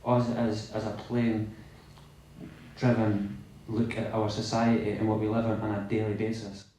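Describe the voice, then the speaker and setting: A man's voice: fairly low pitch, completely flat delivery, moderate pace, dark tone. A Scottish man, a youth worker and filmmaker, speaking earnestly and directly to young people at a film premiere. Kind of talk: speech to an audience at a film premiere. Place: large hall at a college event. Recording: echoey hall from far off.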